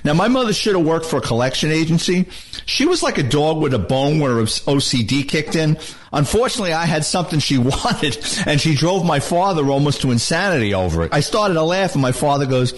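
Animated older New storyteller. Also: male voice, on the high side, a little fast. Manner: animated, wisecracking. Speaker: retired police detective, storyteller. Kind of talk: comic storytelling.

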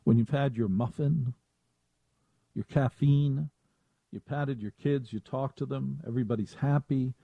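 A man hosting a radio talk show, rambling and self-mocking, with animated asides, in a studio. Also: mid-range voice, a little slow, creaky, dry recording, narrow, tinny audio.

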